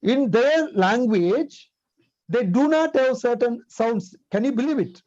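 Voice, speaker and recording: A man with a very high voice and an Indian English accent gives a spoken English lesson, a Tamil native speaker who keeps repeating key words and asking rhetorical questions. The sound is dry and close, with a dull, muffled quality. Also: animated, slow, darkish tone, no room sound. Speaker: English teacher.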